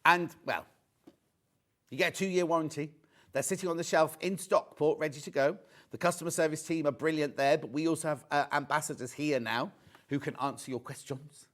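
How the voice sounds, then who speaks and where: A man's voice: on the high side, brisk, fairly bright tone. Chatty male shopping channel presenter. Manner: chatty, jokey, pushes deals, reads viewer messages. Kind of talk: live sales presentation. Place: TV studio.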